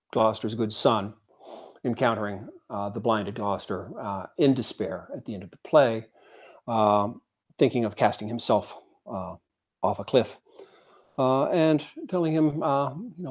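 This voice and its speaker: A man giving a Buddhist dharma talk at a zen center, speaking haltingly with many fillers and reading quotations aloud. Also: on the low side, a little mellow. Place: zen center meditation hall.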